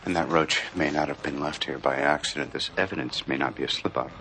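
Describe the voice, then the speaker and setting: A man's voice: rumbling low, a little fast, sharp tone, slight background noise, full character voice. An actor playing a paranoid, fussy man who talks in a wordy, smug and precise way in a film scene. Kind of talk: film dialogue.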